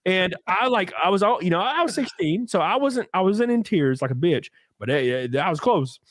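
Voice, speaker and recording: Man, podcast host, lively swinging pitch, profane animated storyteller, dry close mic. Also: normal speed, no room sound. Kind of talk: casual podcast chat.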